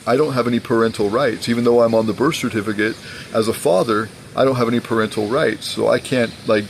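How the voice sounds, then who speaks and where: A man's voice: fairly low pitch, vocal fry, a little hiss or hum, rough recording. A father speaking in a personal vlog monologue, earnest and aggrieved, insisting on his side of the story.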